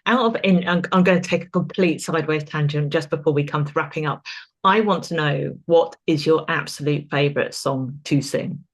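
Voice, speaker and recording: A woman's voice: low-pitched, normal speed. A woman hosting an interview, encouraging her guest and asking questions in a casual, giggly way. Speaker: podcast host.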